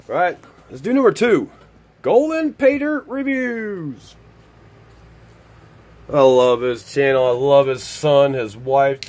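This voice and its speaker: Man, excited unboxing vlog chat, gushing, high-pitched, very lively delivery. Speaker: YouTube vlogger opening mail.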